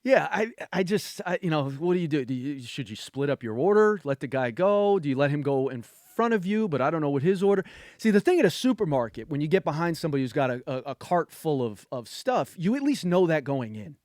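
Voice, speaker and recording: A man co-hosting a casual podcast, telling an everyday story in a chatty, animated way. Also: fairly high pitch, a little fast, no echo, clean studio sound. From North Carolina, USA. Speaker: podcast co-host. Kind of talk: casual chat.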